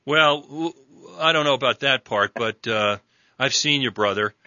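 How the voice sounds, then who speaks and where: Radio host guy from new york, bright dry voice, lots of uhs, kinda lo-fi. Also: medium pitch, dry recording. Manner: halting, many fillers and restarts. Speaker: radio talk show host. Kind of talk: casual radio interview.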